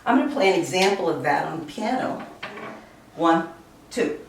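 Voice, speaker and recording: A woman teaching a music lesson beside a piano, explaining slowly and counting beats aloud. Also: lowish voice, animated, gravelly, distant mic, very noisy. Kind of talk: recorded classroom lesson. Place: room with a piano. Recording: very echoey room, voice away from mic.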